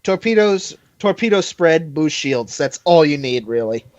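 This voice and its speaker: Rambling man with a slightly high voice. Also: expressive, a little slow, a little mellow, dry recording, lo-fi sound. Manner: rambling, self-deprecating, many fillers and restarts. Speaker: podcast guest. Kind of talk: casual chat over a call.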